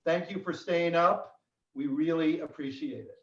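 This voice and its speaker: A man hosting a virtual roundtable over a video call, halting with many fillers and telling dry jokes. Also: on the high side. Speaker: host. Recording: echoey room, far from mic, dull sound.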